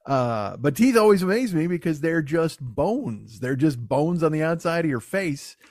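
A man with a high voice hosts a comedy podcast, riffing in a long, profane, rambling monologue. The recording is dry and close, with no room sound. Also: sing-song, moderate pace, a little mellow, dry recording. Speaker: podcast host.

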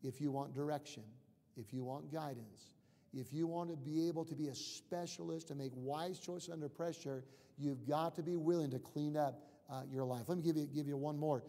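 A man preaching from the pulpit, his voice a touch higher than most men's yet mellow and soft-edged. He repeats key points and sinks low and quiet for prayers, and the long tail of a church hall trails behind every phrase. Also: normal speed. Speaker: pastor. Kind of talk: sermon. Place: church sanctuary.

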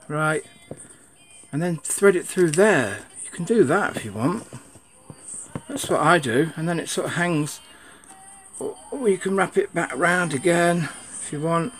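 A man's voice: on the high side, a bit bright. A man giving a casual, rambling unboxing chat, grumbling and swearing at his camera. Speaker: sneaker vlogger.

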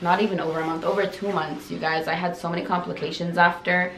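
A woman's voice: on the low side, flat delivery, fast talker, a bit bright. A young woman from Canada chatting casually with her viewers, full of "like" and "you guys". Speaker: vlogger. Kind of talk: casual chat. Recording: echoey room with faint noise.

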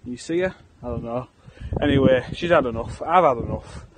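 Outside on a snowy street, a podcast co-host with a mid-range voice builds a snowman while keeping up a brisk, jokey, sweary commentary to his dog. The casual vlog is captured by outdoor camera audio, with ambient noise and a barking dog.

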